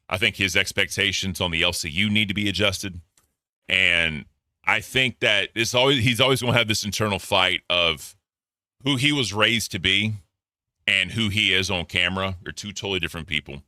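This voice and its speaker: A man with a low but piercingly bright voice, recorded close and dry. He gives casual commentary in a blunt, profane way, flaring into animated rants. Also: normal speed, no echo. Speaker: commentary host.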